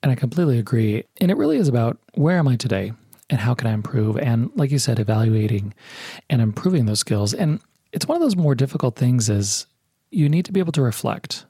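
Husky man interviewer, dry sound. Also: mid-range voice, big pitch swings, brisk, warm tone, no echo. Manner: affirming, reflective. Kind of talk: interview, conversational questions.

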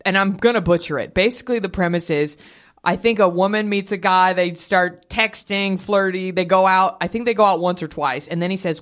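30s woman hosting a podcast, swears a lot, jokes around, tells stories fast. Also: fairly low pitch. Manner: profane, jokey, quick storytelling. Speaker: podcast host. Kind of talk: casual chat.

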